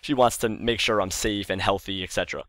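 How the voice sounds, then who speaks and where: A man's voice: on the low side, fairly even intonation, a little fast, fairly bright tone, dry recording. A man telling a childhood story in a casual vlog, chatty and rambling, repeating words for emphasis. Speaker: YouTube storyteller.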